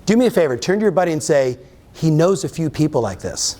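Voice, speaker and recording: A man giving an energetic motivational keynote to a live audience, often firing questions at the crowd. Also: on the high side, fast. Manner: energetic, keeps quizzing the audience. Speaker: real estate coach and keynote speaker. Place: live event in front of an audience.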